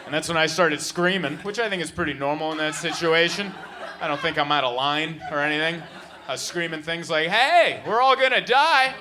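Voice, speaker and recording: A man in his thirties doing stand-up in a club, telling stories in an animated, exasperated way on a handheld mic. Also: medium pitch. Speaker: stand-up comedian. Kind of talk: stand-up comedy storytelling. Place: comedy club stage. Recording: live club recording with background noise.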